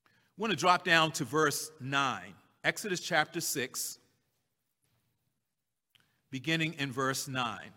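A man's voice: mid-range voice, lively intonation, slow pace, pauses often, bright, forceful tone, long reverb tail. A man preaching a sermon, emphatic, acting out the voices of the figures in the scripture he reads. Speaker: pastor.

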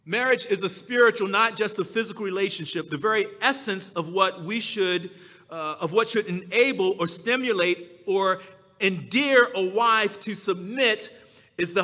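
A man preaching a sermon as pastor, slow and emphatic, drawing out his key words. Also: high voice, sharp tone, long reverb tail.

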